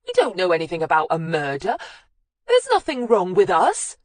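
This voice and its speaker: A woman reading an audiobook, voicing a nervous middle-aged wife who squeaks and wails as she pleads. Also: animated, moderate pace, no room sound. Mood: wailing. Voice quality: squeaky, wailing.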